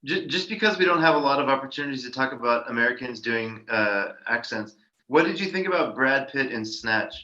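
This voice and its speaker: A man's voice: medium pitch, lively intonation, fairly quick, bright, forceful tone, dull audio. A man co-hosting a film podcast, polite and apologetic, asking questions of the others. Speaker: podcast co-host. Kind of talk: casual film chat.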